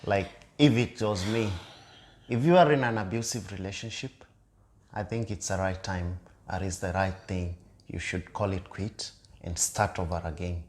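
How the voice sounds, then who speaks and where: A man's voice: low voice, steady tone, normal speed, a little mellow. Earnest man co-hosting a couple's chat. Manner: earnest, repeats key points with many fillers. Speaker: co-host of a couple's channel. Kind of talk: casual chat.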